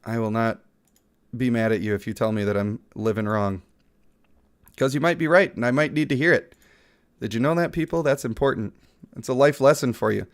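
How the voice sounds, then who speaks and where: A man's voice: medium pitch, brisk. A man who is sick, giving casual, playful live-stream commentary on a mobile game and chatting with viewers.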